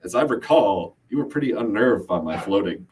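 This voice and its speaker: A man's voice: lowish voice, lively intonation, moderate pace, darkish tone, recorded from a distance, a little hiss or hum, natural voice. A man voicing a sarcastic enchanted talking guitar, dry and snippy in manner.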